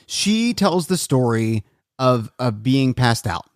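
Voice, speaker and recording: A man co-hosting a podcast, recapping a documentary in casual chat with animated storytelling. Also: mid-range voice, slow, no room sound, clean studio sound. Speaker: podcast co-host.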